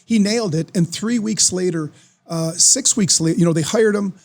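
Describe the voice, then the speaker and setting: A man, telling a story as a podcast guest in an excitable, animated way. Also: high-pitched, moderate pace, vocal fry. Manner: animated, excitable storyteller who acts out quoted voices. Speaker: podcast guest, former football player. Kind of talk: casual storytelling.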